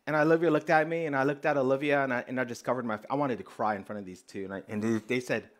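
A man preaching as a pastor, telling a personal story in an animated way and acting out the dialogue. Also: mid-range voice, rapid-fire. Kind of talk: storytelling sermon.

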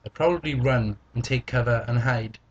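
A young male vlogger answers viewer questions playfully and with jokes, speaking at normal speed in a husky voice of ordinary middle pitch for a man. The recording is a little dull and lo-fi.

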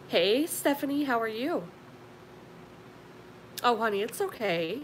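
Lady chatting on her live stream, calls everyone honey, noisy hum and rumble behind her. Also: expressive, unhurried, pauses often. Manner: chatty, affectionate, calls viewers honey and sweetie. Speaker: live-stream beauty vlogger. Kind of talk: casual live-stream chat greeting viewers.

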